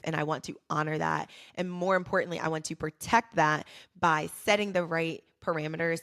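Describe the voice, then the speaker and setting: Woman podcast host, low with vocal fry, earnest encouraging faith talk. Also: a bit bright. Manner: earnest and encouraging, repeating key phrases for emphasis. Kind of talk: faith-based motivational podcast monologue.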